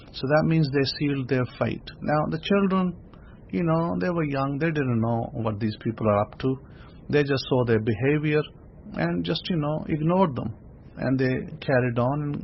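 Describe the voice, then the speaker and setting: A man teaching a Torah study sermon in a conversational preaching style, asking rhetorical questions and repeating words as he builds a point. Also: mid-range voice. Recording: dull lo-fi recording with faint noise.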